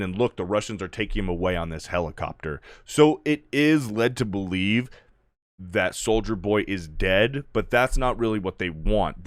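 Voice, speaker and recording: Guy with a lowish voice cussing his way thru a show recap, dry close sound. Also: fairly bright tone, dry recording. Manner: profanity-heavy, loose plot recap. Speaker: video reviewer. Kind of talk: casual spoken review.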